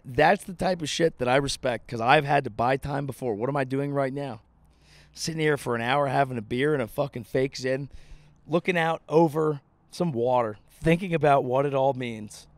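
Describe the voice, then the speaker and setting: A thirty-something comedian rants in a profane, sardonic way, hammering his points home with emphasis. He records outdoors by a lake, and his voice sits at an ordinary middle pitch. The sound is dry, with no room echo. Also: normal speed. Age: 30s. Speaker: comedian podcast host. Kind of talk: comedic rant monologue.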